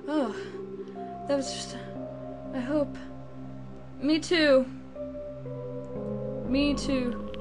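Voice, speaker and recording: Woman gamer, frightened let's play commentary, high voice, loud music behind. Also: fairly even intonation, extremely slow, pauses often. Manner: jumpy, frightened, talks to the game. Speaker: horror game player.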